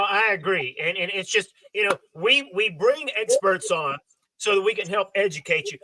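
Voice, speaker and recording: A man's voice: bright, forceful tone, dry recording, rough recording. A man co-hosting a podcast, talking persuasively with many fillers. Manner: persuasive, pitching, lots of fillers. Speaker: podcast co-host. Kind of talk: casual podcast talk.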